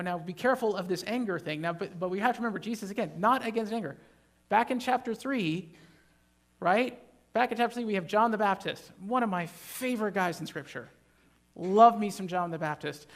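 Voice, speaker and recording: A man preaching a sermon in a church, his voice pitched high with a rough, gravelly edge. He talks emphatically, rising into loud animated bursts and tossing jokes to the congregation. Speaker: pastor.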